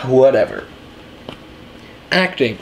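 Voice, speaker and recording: A man's voice: medium pitch, big pitch swings, extremely slow, sharp tone, a little hiss or hum. A young man giving a casual, rambling film review, enthusiastic and full of fillers and restarts. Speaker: movie reviewer.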